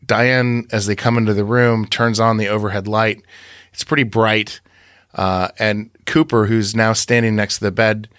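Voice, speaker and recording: A podcast co-host with a low-ish, clear, resonant and fairly bright voice speaks at normal speed with flat delivery, in a dry, studio-quality recording. In a casual podcast discussion, he recaps and analyzes scenes, meandering and correcting himself along the way.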